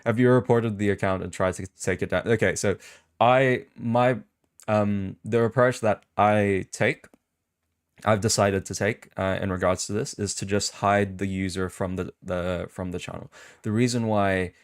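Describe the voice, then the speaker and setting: A man's voice: fairly low pitch, steady tone, moderate pace, clear, resonant tone. A male streamer hosting a casual live chat, rambling and reacting with amused disbelief as he reads comments aloud. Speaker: VTuber streamer and podcast host.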